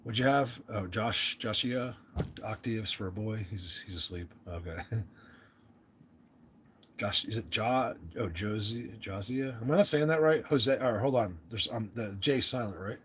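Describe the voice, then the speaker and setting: A man's voice: on the low side, measured pace, a bit bright, slight background noise. A young American man hosting a casual livestream chat, rambling and restarting his sentences as he talks to viewers. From United States. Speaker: livestream host.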